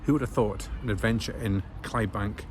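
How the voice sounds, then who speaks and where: A man's voice: lowish voice, a little fast. A Scottish man chatting casually as he walks through town for a travel vlog, rambling with plenty of fillers. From Scotland. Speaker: travel vlogger. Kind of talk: casual walking vlog narration. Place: outdoors in town streets and station, rainy. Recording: outdoor vlog with clear street noise.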